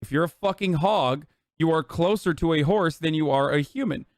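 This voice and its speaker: Male streamer, highish dry voice, sarcastic and profane. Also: moderate pace, no room sound. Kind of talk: casual livestream commentary.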